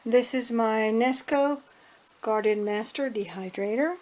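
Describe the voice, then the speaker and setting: A woman's voice: a little high, measured pace, background noise. A woman chatting casually through a home cooking how-to, homey and loose, often correcting herself as she goes, recorded at home. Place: home kitchen and dining room.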